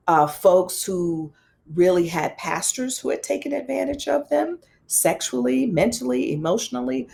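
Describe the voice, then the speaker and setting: A woman with a mid-range voice and a gravelly, fry-tinged edge tells a personal story as an interview guest. She is animated and conversational, slipping into the voices of the people she quotes, with wry self-deprecating humor. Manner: animated, acts out quoted dialogue with big pitch swings. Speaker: guest, psychologist and pastor.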